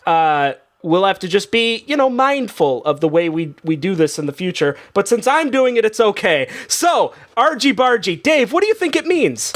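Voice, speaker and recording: A man's voice: sits high, very animated, normal speed, few pauses. A man hosting a comedy game show in casual banter, rambling and laughing with lots of restarts.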